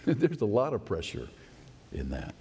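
A man's voice: on the low side, wildly swooping pitch, slow, dark tone, husky. A male pastor preaching a sermon, emphatic and conversational, often asking the congregation questions. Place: church sanctuary. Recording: long church reverb.

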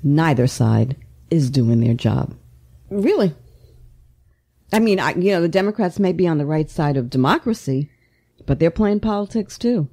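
Impassioned low-voiced woman podcast host. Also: animated, dark tone. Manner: impassioned, voice climbs when emotional; rapid, repetitive restarts. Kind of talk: political talk show discussion.

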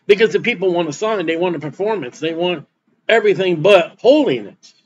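A man's voice: high voice, lively intonation, a little fast, lo-fi sound, a little hiss or hum. A man preaching a sermon as pastor, folksy and repetitive, reading scripture aloud between his comments. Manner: folksy preaching with repeated words and Bible reading.

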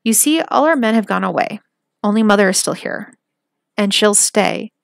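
A woman's voice: medium pitch, animated, moderate pace, vocal fry, dry recording, clean studio sound. A woman voicing a fierce, bossy little robber girl in a storybook reading, speaking bluntly and commandingly.

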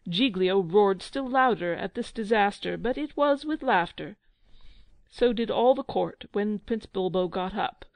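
Woman narrator, children's audiobook, expressive, mid-pitched, dry. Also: no echo. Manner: measured, expressive storytelling.

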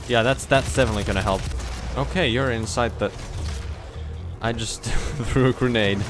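With faint music behind him, a young man offers casual gameplay commentary during his first shooter playthrough on stream. His mid-range voice is fairly bright, brisk, and lively in intonation. Easily startled into yelps, he swears constantly, teases himself, and addresses the enemies directly.

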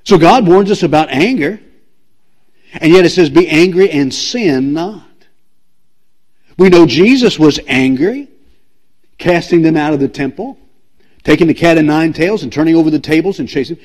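A man's voice: a little high, expressive, normal speed, a little mellow. A man preaching a sermon as pastor, emphatic and repetitive, asking the congregation direct questions. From United States.

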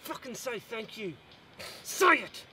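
A swearing Australian bogan brawler. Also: male voice, extremely high pitch, very animated, takes it slowly, a little hiss or hum, exaggerated voice. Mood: taunting. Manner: shouting, taunting, swearing. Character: aggressive young male bogan brawler.

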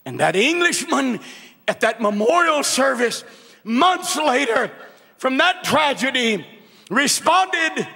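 A man preaching a revival sermon as an evangelist, fervent and shouting at peaks, then dropping to a hush to tell a story. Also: very high-pitched, very animated, slow pace, gravelly. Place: large church hall with congregation. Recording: long reverb of a big church hall.

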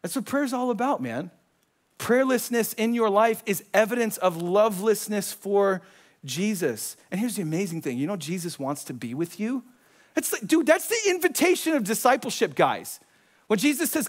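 A young male pastor delivering a sermon in a church, his voice pitched notably high for a man. He talks animated and conversational, slipping into acted-out quotes and casual asides to the congregation. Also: brisk. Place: church sanctuary.

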